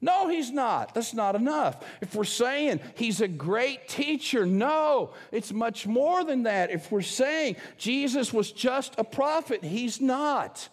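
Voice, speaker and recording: A man's voice: extremely high pitch, lively intonation, slow, few pauses, in a large hall. A man preaching a sermon as the pastor of a church, telling a personal story in an emphatic, conversational way. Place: church sanctuary.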